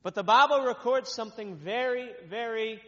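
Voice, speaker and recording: High bright-voiced preacher in reverb. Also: male voice, moderate pace. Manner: reads scripture loudly, then explains in casual repetitive talk. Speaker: traveling minister. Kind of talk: sermon with scripture reading. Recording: dull sound with long reverb.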